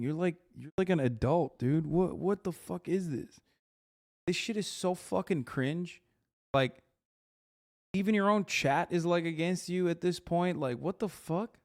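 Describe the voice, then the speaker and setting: A man's voice: on the high side, a little mellow. A man in his thirties, a streamer reacting to clips with an exasperated, swearing rant. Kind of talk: casual reaction commentary.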